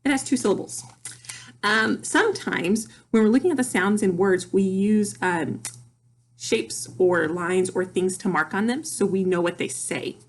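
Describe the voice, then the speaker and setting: A woman teaching young children phonics, with a soft, slightly breathy voice at an ordinary middle pitch. She talks slowly and deliberately, sounding out words and clapping out syllables with patient repetition.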